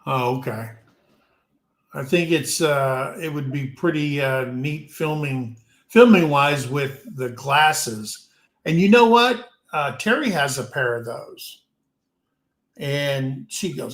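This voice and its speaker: American guy hosting a live stream chat, slowish, kinda high voice, roomy echo, lots of ums. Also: lively intonation, fairly bright tone. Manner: rambling, unhurried, many ums and restarts. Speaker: show host.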